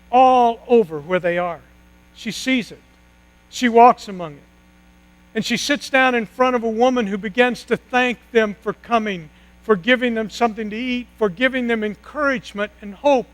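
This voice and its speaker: A man preaching a sermon, retelling a story dramatically with long pauses and sudden hushed drops. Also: high-pitched, low-quality recording. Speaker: pastor.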